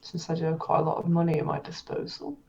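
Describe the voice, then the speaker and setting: A woman's voice: low-pitched, animated, fast talker, gravelly, warm tone. A woman playing a tabletop game, stating her character's actions plainly. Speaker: player. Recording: dull lo-fi sound.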